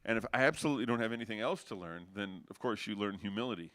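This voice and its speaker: A man's voice: lowish voice, racing, fairly bright tone, dry recording. A middle-aged man, a jazz saxophonist, telling rambling stories in a casual interview. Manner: rambling anecdotal storyteller with frequent restarts.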